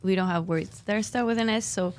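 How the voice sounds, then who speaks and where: A woman's voice: mid-range voice, a little fast. A teenage girl from Spain with a Spanish accent, a chatty exchange-student guest on a podcast. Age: teens. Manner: chatty, explains with many "like" fillers.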